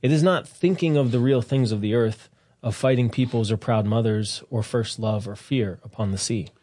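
A man's voice: mid-range voice, moderate pace, warm tone, no echo. A man co-hosting a casual chat, easygoing, giving brief agreeing replies and reading a passage aloud.

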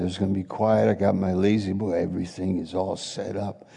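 A middle-aged man preaching a sermon, acting out little scenes and swinging between loud exclamations and quiet asides. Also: deep voice, flat delivery, brisk, creaky, husky. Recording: long hall reverb.

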